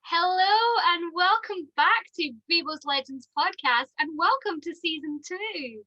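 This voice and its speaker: A woman's voice: very high voice, animated, a little slow, bright, forceful tone, dull audio. A woman co-hosting a casual fan podcast, chatty and giggly, with lots of ums. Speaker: podcast co-host.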